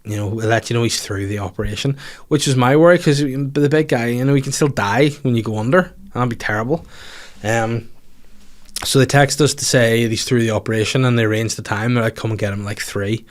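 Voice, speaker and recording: Northern Irish man telling a comic story. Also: a little fast. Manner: animated, laughing, jumps into high mock voices for quotes. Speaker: podcast host. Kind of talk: casual comedic storytelling.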